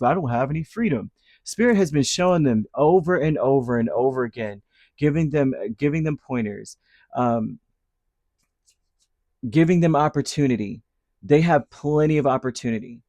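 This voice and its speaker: A man giving a casual tarot reading, chatty and animated, full of fillers and restarts. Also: medium pitch, dry recording, studio quality. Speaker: tarot reader.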